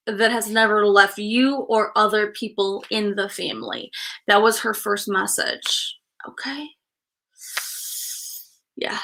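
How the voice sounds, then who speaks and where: A woman giving a casual spirit reading as a medium, halting and full of fillers, frank and breaking into laughs. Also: mid-range voice, sharp tone. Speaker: psychic medium.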